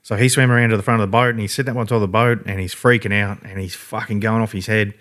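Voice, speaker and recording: A man's voice: lowish voice, steady tone, racing, fairly bright tone. An Australian man telling a story in a rambling, laid-back way, swearing freely. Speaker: podcast guest. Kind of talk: casual storytelling.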